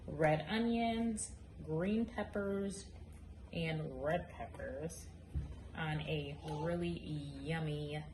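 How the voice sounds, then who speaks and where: Low-voiced, slow-talking woman tasting food. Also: background noise. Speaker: co-host. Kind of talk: casual food tasting chat.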